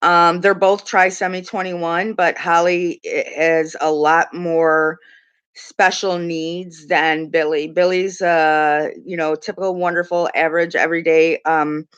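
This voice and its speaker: A woman's voice: on the low side, little pitch movement, measured pace, a bit bright, smooth, dull audio. A middle-aged woman, a mother, chatting casually on her live stream. She tells stories with lots of giggles and acts out the voices of the people in them. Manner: chatty storyteller, giggles often, mimics voices.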